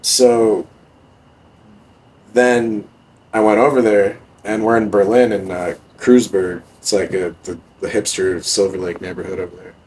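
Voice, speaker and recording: A man's voice: deep voice, steady tone, normal speed, darkish tone, slight background noise, low-quality recording. A young man, a podcast guest, telling stories in a laid-back, casual way, swearing often and using many fillers. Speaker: podcast guest, music producer. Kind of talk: casual storytelling.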